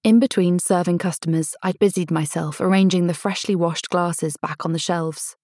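A woman narrating a first-person novel in a measured, intimate storytelling manner, lightly voicing the dialogue. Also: fairly low pitch, steady tone, a little mellow, dry recording, studio quality. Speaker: audiobook narrator.

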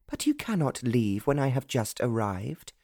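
A man's voice: mid-range voice, sing-song, a little mellow, no echo, clean studio sound. A man voicing a spirited young aristocratic lady. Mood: indignant. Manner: brisk, teasing, self-assured. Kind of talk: audiobook narration.

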